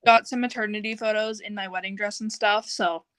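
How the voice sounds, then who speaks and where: Bright-voiced candid young woman guest. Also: medium pitch, steady tone, brisk, no echo. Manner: candid, blunt, casual. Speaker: podcast guest. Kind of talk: casual chat.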